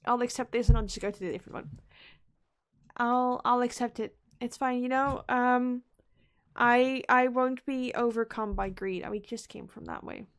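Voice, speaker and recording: Female streamer, higher voice, playful running commentary with whispered asides. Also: steady tone, normal speed, clear, resonant tone. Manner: playful, chatty self-talk while playing; repeats words and whispers asides. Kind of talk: live gameplay commentary.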